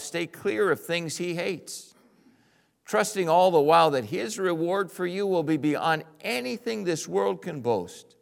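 A male pastor preaching a sermon, animated, swinging from quiet, intimate lines to loud, excited bursts. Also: mid-range voice, gravelly.

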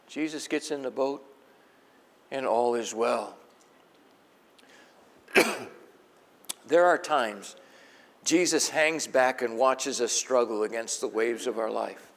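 A man's voice: medium pitch, slow, pauses often, a bit bright. Folksy male preacher in a big echoing hall. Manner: conversational, folksy, asks the congregation questions. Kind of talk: sermon. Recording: long echo of a large hall.

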